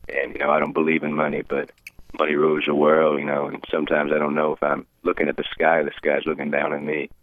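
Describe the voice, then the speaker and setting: A laid-back male movie star, put on by a teenage man from Illinois, rambles along in a slow, philosophical drawl. His voice sits extremely deep, coming through a tinny, phone-like line. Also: monotone. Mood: musing. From Illinois, USA. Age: teens. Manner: slow, musing, folksy rambling. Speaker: guest impressionist. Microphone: telephone call-in.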